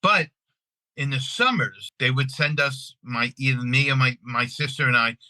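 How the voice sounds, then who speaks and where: A middle-aged man from Long Island, telling family stories in a casual, animated way, often restarting his sentences. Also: mid-range voice, normal speed, dry recording, low-quality recording. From Long Island, New York. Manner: animated, restarts often, acts out quoted voices. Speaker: guest. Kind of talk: casual storytelling.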